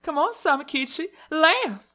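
A man voicing a gentle young sea-witch girl, speaking sweetly and dreamily in a put-on American Southern accent. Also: very high voice, lively intonation, unhurried, pitched above the performer's own voice, exaggerated voice. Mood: eerily sweet. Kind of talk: let's-play voice acting.

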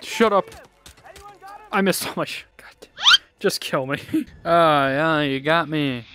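A man's voice: on the high side, slow pace, over loud music. A young man giving casual, joking gameplay commentary, sarcastic and swearing often. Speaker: gaming YouTuber.

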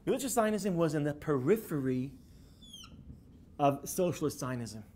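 A man giving a classroom lecture, animated and building to emphatic peaks. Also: on the high side, moderate pace, slight background noise.

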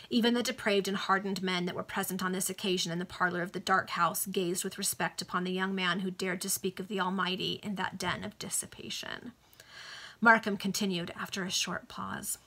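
A woman reading a novel aloud in a steady, expressive way over a video call. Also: mid-range voice. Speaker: reader.

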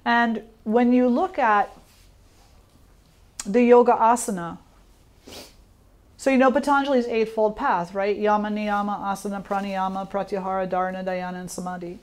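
Woman yoga teacher, informal talk, calm and reflective, often asks questions. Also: mid-range voice, moderate pace, long pauses.

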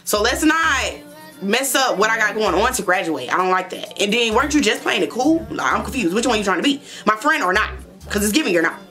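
Animated young woman telling a storytime. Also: mid-range voice, brisk, faint music behind. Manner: animated, blunt and profane, laughs often. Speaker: vlogger. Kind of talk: storytime chat.

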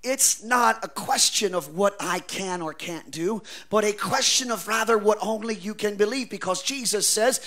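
A man preaching a revival sermon, swinging from quiet asides to shouted declarations, with a folksy preacher's cadence. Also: high-pitched, animated, moderate pace, few pauses. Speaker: pastor.

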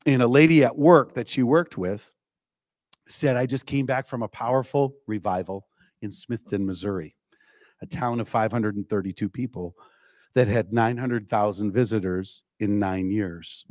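A man's voice: fairly low pitch, normal speed, a little mellow, no room sound. A man preaching a revival sermon, telling a story with frequent call-outs to the congregation. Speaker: evangelist preacher. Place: church.

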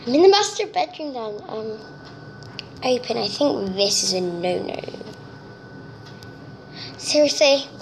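A young woman giving chatty, excitable gameplay commentary, nervous and talkative, recorded on a phone. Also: a little high, a little slow, vocal fry, long pauses, slight background noise. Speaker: gamer. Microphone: phone screen-recorder mic.

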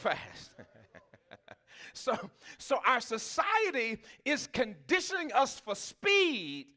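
High, bright-voiced preaching man. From Texas. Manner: conversational preaching with questions to the congregation; folksy, laughs often. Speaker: pastor. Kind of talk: sermon.

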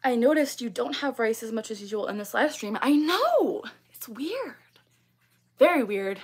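Reading out viewer comments on her casual livestream, a young woman talks a little fast in a voice on the high side. She's chatty, laughs a lot, and fills her speech with ums and likes.

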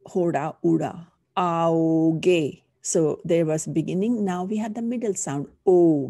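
Low gravelly woman teaching a lesson. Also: warm tone, no echo, studio quality. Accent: Punjabi. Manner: patient, explaining step by step while writing. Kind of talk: recorded online lesson.

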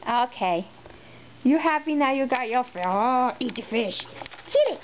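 A woman's voice: a little high, expressive, unhurried, a little hiss or hum. A woman filming her cat at home, talking to it in sing-song baby talk and meowing at it, on a dull, lo-fi home video. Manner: sing-song, playful, meows and woofs at the cat. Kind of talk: cooing baby talk to a pet.

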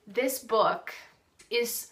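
A woman's voice: fairly high pitch, very slow, fairly bright tone. A woman talking in a casual vlog review, gushing and emotional as she chats about a book she loves.

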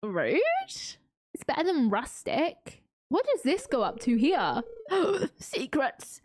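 A woman streaming a game who gushes with excitement and chats with her viewers. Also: high-pitched, takes it slowly, no echo, clean studio sound. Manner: gushing, excitable, chatting with viewers. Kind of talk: casual live-stream commentary.

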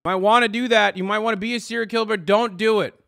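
A man's voice: sits high, fairly even intonation, fast talker, vocal fry, bright, forceful tone, no room sound, clean studio sound, pitched above the performer's own voice, heavily acted. Cheesy male dating guru, mock-salesy, stumbling over ums, a man parodying. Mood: smarmy.

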